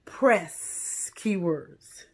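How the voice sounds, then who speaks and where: A woman casually recapping a TV episode, outspoken and animated, breaking into loud exclamations. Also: on the low side, very slow. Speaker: TV show recap vlogger.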